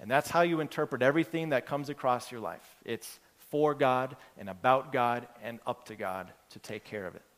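A man's voice: mid-range voice, moderate pace, hardly any pauses, fairly bright tone. A man preaching a sermon as pastor, in a conversational, earnest way, building his points from everyday examples. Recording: long hall reverb.

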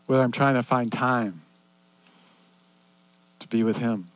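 An older man delivers a sermon in an earnest, repetitive cadence that swings between loud and hushed. His voice sits at medium pitch with fairly even intonation, and he takes it slowly. There is no room sound.

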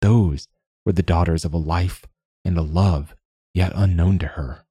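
A male audiobook narrator reads a fantasy story with measured pacing. His voice sits low and husky, with a close, dead, booth-dry sound. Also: fairly even intonation, warm tone, no room sound. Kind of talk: scripted narration.

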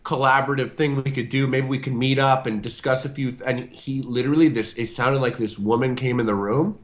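A man, a show host, telling a casual animated story on a video call, with many fillers, acting out the voices of the people in it. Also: mid-range voice, fairly quick.

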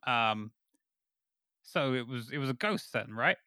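A man playing in a tabletop game, speaking in character in an awkward, halting, rambling way. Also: medium pitch, animated, sharp tone, no echo. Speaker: player. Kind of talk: casual role-play banter.

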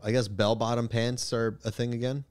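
A man's voice: medium pitch, flat delivery, fairly quick, a little mellow. A young man co-hosting a podcast, laid-back and crude in casual banter, laughing a lot. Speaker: podcast co-host.

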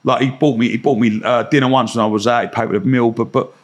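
A man's voice: mid-range voice, steady tone, fast. A man, a guest telling blunt, slangy stories in a casual podcast chat, swearing and laughing as he goes.

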